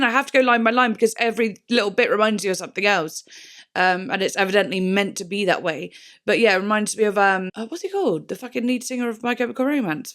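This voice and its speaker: A woman hosting a music reaction video, talking casually and excitedly, rambling with lots of filler words and humming bits of the tracks. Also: on the high side. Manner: excitable, hums and mimics song parts.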